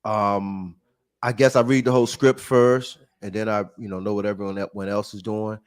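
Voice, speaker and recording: A man's voice: on the low side, little pitch movement, moderate pace, clear, resonant tone. A man hosting a casual chat, explaining acting in a laid-back, earnest way.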